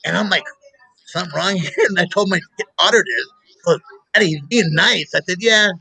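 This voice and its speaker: A man hosting a show, chatting casually and telling animated stories with laughter. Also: high-pitched, fairly quick, creaky, slightly rough, dry recording, rough recording. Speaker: show host. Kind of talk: casual chat.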